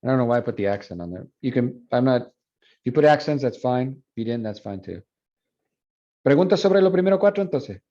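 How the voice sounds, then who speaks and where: A man teaching a phonetics class review, explaining and repeating words slowly to model pronunciation. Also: mid-range voice, lively intonation, dark tone. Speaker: Spanish phonetics instructor. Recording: dull lo-fi classroom recording.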